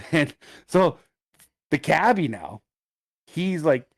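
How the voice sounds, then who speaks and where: A middle-aged man, co-hosting a podcast, tells an animated, profane story in casual chat. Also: a little high, extremely slow, gravelly, no echo, clean studio sound. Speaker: podcast co-host.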